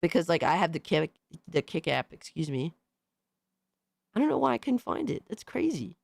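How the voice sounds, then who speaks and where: Hoarse, excitable male live streamer. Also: a little high, normal speed, no room sound. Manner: excitable, profane, shouting out viewers. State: hoarse, recovering from illness. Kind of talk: casual live-stream chat.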